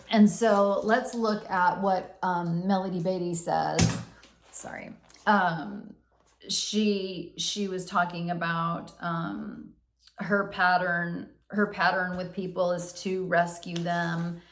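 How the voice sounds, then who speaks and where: A woman's voice: fairly low pitch, steady tone, slow pace, fairly bright tone, slight background noise. A woman hosting a casual self-help talk, candid and swearing freely, acting out the inner voices she describes. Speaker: podcast host. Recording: roomy echo.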